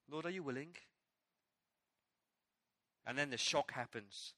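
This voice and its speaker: A man preaching a sermon as pastor, telling a Bible story with animated storytelling and acting out the quoted lines. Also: mid-range voice, measured pace, long pauses, no room sound. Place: church.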